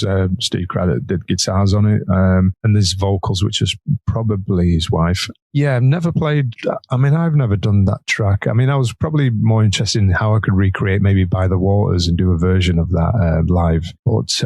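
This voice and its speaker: Low-voiced man, animated raconteur, laughs a lot, dry close sound. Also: dry recording. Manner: animated storyteller, laughs often, acts out quoted voices. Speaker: guest guitarist. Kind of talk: casual storytelling interview.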